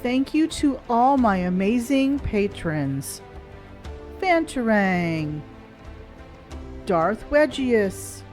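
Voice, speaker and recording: Sarcastic woman host, slow and lively-pitched, faint music under her voice-over. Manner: sarcastic, exasperated, deliberate. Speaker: commentary channel host. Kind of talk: sarcastic reaction commentary.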